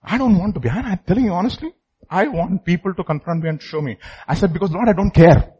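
A man's voice: sits high, lively intonation, fast, darkish tone, breathy edge, lo-fi sound. A man preaching a sermon who stresses his points by repeating phrases and putting questions to the congregation.

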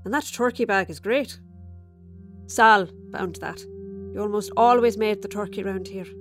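A woman's voice: mid-range voice, a little slow, close to an everyday voice. Woman playing a gossipy, tipsy widow. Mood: confiding. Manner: confiding, gossipy, addressing a dinner guest. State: a little tipsy. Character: chatty bitter widow hosting dinner, middle-aged. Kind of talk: first-person story monologue. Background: faint music score.

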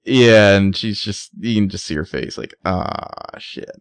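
Low gravelly man in casual chat. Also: normal speed, no room sound. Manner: jokey, acts out characters' lines in put-on voices. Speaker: podcast co-host.

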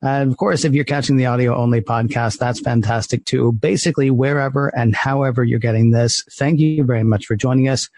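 A man's voice: medium pitch, steady tone, a little fast, hardly any pauses, a little mellow, no room sound. A man co-hosting a live podcast, jokey and upbeat like an announcer. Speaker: podcast co-host.

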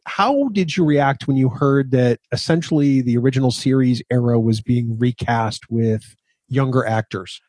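A man co-hosting a fan podcast, measured and plain-spoken, moving between chat and sponsor notes. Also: mid-range voice, darkish tone, dry recording. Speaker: podcast co-host. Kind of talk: casual chat.

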